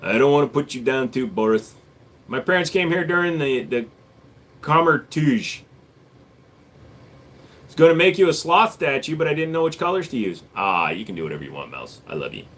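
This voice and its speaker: A man's voice: mid-range voice, big pitch swings, moderate pace, pauses often, a bit bright. Blunt sarcastic man hosting a live stream. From Korea. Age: 40s. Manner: blunt, sarcastic, reading chat aloud. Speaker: livestream host. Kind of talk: casual live stream chat.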